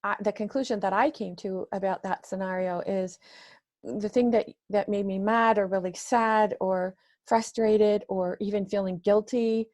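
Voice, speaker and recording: A woman's voice: medium pitch, steady tone, normal speed, darkish tone, no echo. Woman host chatting, dry close sound, attentive. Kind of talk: conversational interview.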